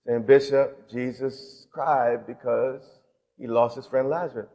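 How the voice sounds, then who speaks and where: A man preaching a sermon as bishop, dramatic, swinging between loud passages and hushed ones. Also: medium pitch, steady tone, unhurried. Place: large hall with audience. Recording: live sermon in a reverberant hall.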